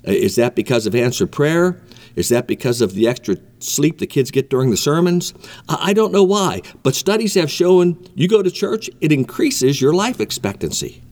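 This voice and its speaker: A man delivers a sermon in an emphatic manner, stressing and repeating his key points. His voice sits somewhat high for a man. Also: very animated, normal speed, a little mellow. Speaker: preacher.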